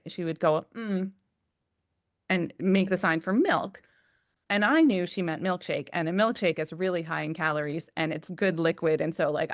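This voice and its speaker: A mother in her forties, a podcast guest, telling a story with lively acted-out quotes. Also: fairly low pitch, no room sound, studio quality. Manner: animated, acts out quotes. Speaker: guest, parent. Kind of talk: casual storytelling.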